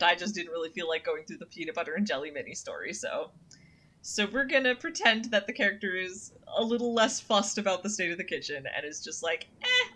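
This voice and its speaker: This young woman has a mid-range, sharp-toned voice. She's streaming a story game, chatting casually and reading the narration aloud in the second person, sprinkling in fillers like um and uh, in the style of casual let's-play commentary.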